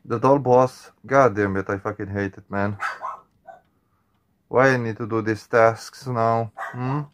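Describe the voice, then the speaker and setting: A man's voice: mid-range voice, steady tone, slow. A man doing reaction commentary on a horror game, jumpy and on edge, swearing often and addressing viewers as man and guys. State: nervous, on edge. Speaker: gaming channel host.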